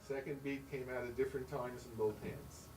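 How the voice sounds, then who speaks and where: A man's voice: mid-range voice, fairly even intonation, normal speed. Man coaching piano in a roomy room. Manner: sings rhythms in syllables and counts beats aloud. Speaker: piano teacher. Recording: roomy sound, mic at a distance, loud piano. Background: piano playing.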